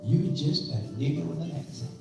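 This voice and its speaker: A man's voice: on the high side, normal speed, creaky, pitched above the performer's own voice. A South African man playing a hostile male sheriff's deputy in a retold story, in an echoey gallery heard from far off with music. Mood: contemptuous.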